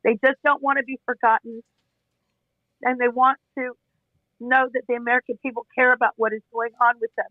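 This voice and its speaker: High, flat-toned man on a thin line. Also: brisk, no echo. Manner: emotional, teary, apologetic. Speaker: host of an online audio room. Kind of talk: casual group call. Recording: phone-like, thin audio.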